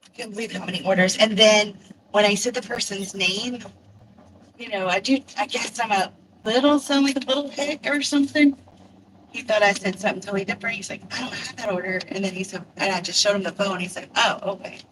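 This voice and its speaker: An older Kentucky woman with a country accent and a brisk, mid-range voice chats casually in a rambling, self-deprecating way as she drives deliveries and streams live from her car. The phone mic sits at a distance and picks up faint road noise.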